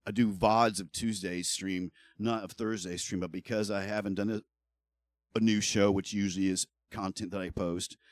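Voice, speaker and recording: A man's voice: lowish voice, fairly even intonation, normal speed, no room sound. A middle-aged man streaming live, talking casually and bluntly, ranting heatedly and swearing a lot. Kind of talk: casual livestream talk.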